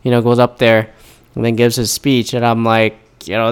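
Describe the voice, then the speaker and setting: A man with a mid-pitched voice rants loosely to camera, swearing often and piling on sarcasm. He starts and restarts sentences as he goes, and he sounds a little tired as the caffeine wears off. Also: fast talker. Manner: profane, rambling and sarcastic. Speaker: vlogger. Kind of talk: casual ranting monologue.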